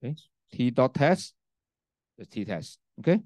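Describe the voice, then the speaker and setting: A man's voice: mid-range voice, big pitch swings, a little slow, darkish tone, dry recording, clean studio sound. Man lecturing, peppered with "okay?". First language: Cantonese. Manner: frequent "okay?" and "right?" checks, restarts. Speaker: university lecturer. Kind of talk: classroom lecture with software demo. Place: university classroom. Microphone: handheld mic, sometimes set down.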